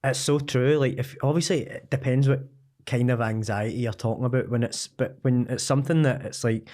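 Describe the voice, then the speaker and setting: A Scottish man as a podcast guest, chatting casually in a relaxed, reflective way. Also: mid-range voice, brisk. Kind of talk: casual chat.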